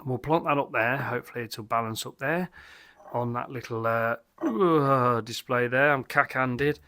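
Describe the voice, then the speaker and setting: Chatty bright-voiced English beer vlogger. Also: male voice, mid-range voice, a little slow, clean tone, no echo, clean studio sound. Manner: chatty, rambling, enthusiastic, stumbles over German names. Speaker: beer reviewer, channel host. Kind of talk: casual beer review vlog. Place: home garden pub.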